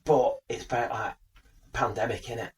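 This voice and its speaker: A man's voice: medium pitch, fairly even intonation, moderate pace, distant mic. A man, co-hosting a podcast and chatting in a rambling, joking way. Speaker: podcast co-host. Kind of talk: casual chat.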